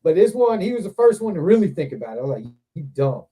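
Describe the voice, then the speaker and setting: Dark-voiced profane storytelling man. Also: high voice, rapid-fire, breathy edge. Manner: profane, animated storyteller, acts out quotes. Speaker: show host. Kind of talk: casual storytelling chat. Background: other men on a livestream hangout.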